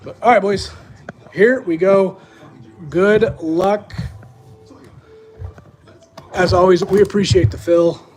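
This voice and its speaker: A man's voice: sits high, steady tone, slow, pauses often, soft background music. A young man hosting a live-streamed sports card break, chatting casually to his viewers as he opens packs.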